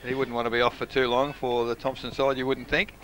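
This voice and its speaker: An older Australian man giving local radio football commentary, hesitant with frequent fillers and quiet asides. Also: medium pitch, level tone, fast, rough recording.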